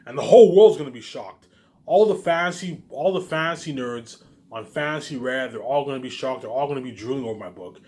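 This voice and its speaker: A man's voice: medium pitch, brisk, dark tone. A man vlogging from home in a rambling, boastful monologue, often repeating himself and restarting. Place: home, noise upstairs.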